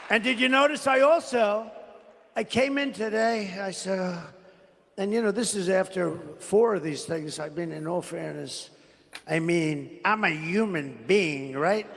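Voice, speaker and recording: Gravelly-voiced man griping at a rally. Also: high-pitched, unhurried, fairly bright tone, big-room sound. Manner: rambling, indignant, grumbling. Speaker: political candidate at a rally. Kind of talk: rally speech.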